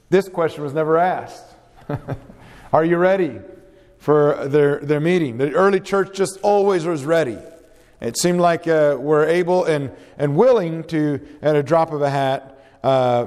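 A man's voice: on the high side, darkish tone, long reverb tail. A man preaching a sermon, earnest and exhorting, putting questions to the congregation.

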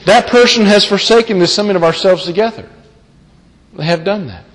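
A man preaches an emphatic sermon in a church meeting hall, his voice sitting high, fairly quick and a bit bright. He repeats key phrases and poses rhetorical questions to his listeners, with the long reverb of a large hall on the recording.

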